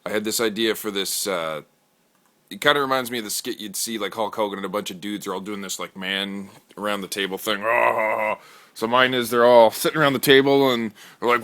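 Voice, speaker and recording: Rambling man with a forceful voice. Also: lowish voice, steady tone, brisk. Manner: rambling, stumbling, crude. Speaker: vlogger pitching a skit idea. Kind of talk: casual rambling pitch.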